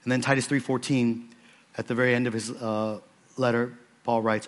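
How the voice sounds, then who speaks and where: A man's voice: medium pitch, fast talker, a bit bright. A man preaching an earnest sermon to his own church, stressing points by repeating phrases. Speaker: pastor.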